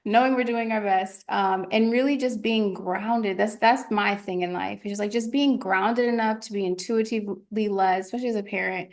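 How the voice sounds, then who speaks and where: A woman's voice: medium pitch, normal speed, few pauses. A woman in her thirties hosting a podcast interview, chatty and loose, laughing often. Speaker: podcast host. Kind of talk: casual conversational interview.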